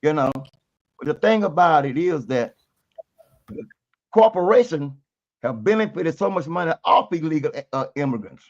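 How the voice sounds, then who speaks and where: A man's voice: on the high side, animated, moderate pace, pauses often. A man joins a panel discussion as a guest, a little out of breath, sounding folksy and preachy as he makes his point. His voice comes through a dull, lo-fi connection. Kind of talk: casual panel talk.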